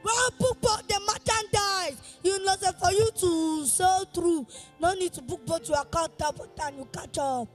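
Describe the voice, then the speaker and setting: A woman with a Nigerian accent leading chanted praise worship at a church service, with fervent, half-sung lines, often shouted, calling on the congregation to repeat after her. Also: very high voice, moderate pace, soft background music. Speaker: worship leader.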